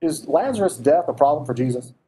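A man preaching a sermon in a conversational, animated way, asking the listeners questions. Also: a little high, brisk.

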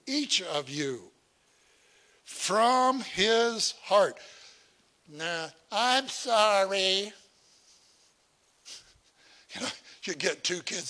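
A middle-aged man preaches with a bright, forward tone and a slightly raised pitch. He takes his time, unhurried and folksy, talking to the congregation as if in conversation. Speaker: pastor. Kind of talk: sermon.

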